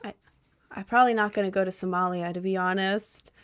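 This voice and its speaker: A woman's voice: mid-range voice, steady tone, fairly quick, clear, resonant tone. Young woman streamer, casual and sarcastic. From Maryland, USA. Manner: playful, answers chat questions with dry sarcasm. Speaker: streamer reading chat. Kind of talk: casual livestream chat.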